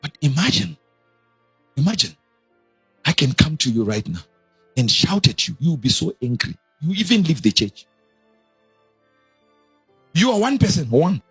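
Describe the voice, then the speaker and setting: A man preaching with a husky, lively voice that leaps up in sudden exclamations and sinks low again. The sound is dry and close, with soft music playing underneath. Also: measured pace, long pauses, no echo. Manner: animated, sudden high exclamations and drops. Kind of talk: sermon.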